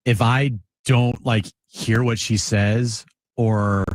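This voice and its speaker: A man co-hosting a sports talk show, telling relaxed stories in casual chat. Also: mid-range voice, slow pace, dry recording.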